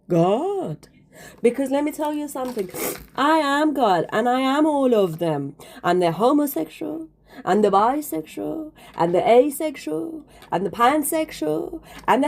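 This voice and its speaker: A woman with a fairly high voice speaks straight into her camera in a casual monologue. She is emphatic and preachy, leaning on "okay?" and "darling". She sounds a little out of breath. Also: vocal fry, darkish tone. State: slightly out of breath. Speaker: spiritual video creator.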